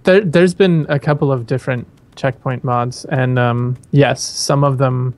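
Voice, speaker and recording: A man co-hosting a live gaming show in casual chat, laid-back and quick to laugh at himself. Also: medium pitch, fairly even intonation, darkish tone. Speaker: co-host of a fan-made live gaming show.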